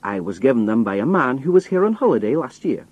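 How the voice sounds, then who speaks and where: A man's voice: mid-range voice, sing-song, fast, a little mellow, husky, dry recording. A man voicing a character who fakes a Scottish roadman, speaking in an easygoing, folksy Scottish accent. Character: man faking a Scottish roadman, plain and calm.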